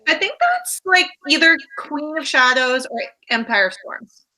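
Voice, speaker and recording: A woman's voice: sits high, huge pitch swings, unhurried, sharp tone, low-quality recording. A Canadian woman chatting about a book on a video call, rambling and enthusiastic with many fillers. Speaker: guest on a book live show. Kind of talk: casual chat.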